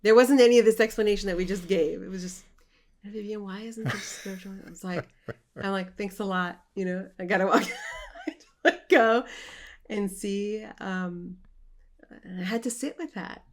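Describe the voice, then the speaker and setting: A woman co-leading an online mindfulness class, telling personal stories in an animated way and laughing as she talks. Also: medium pitch, normal speed. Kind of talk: casual storytelling chat. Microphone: online video call.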